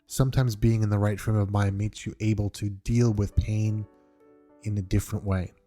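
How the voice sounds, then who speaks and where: Podcast host, male, from New York, earnest and reflective, mellow and lowish, unscripted monologue. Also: fairly even intonation, moderate pace, soft background music. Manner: earnest, reflective, with frequent restarts.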